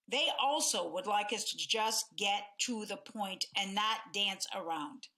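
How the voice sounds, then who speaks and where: A woman's voice: medium pitch, measured pace, few pauses. A middle-aged woman hosting a self-help podcast as a life coach, talking expressively and acting out examples of dialogue. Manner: expressive, acts out quoted dialogue in different tones.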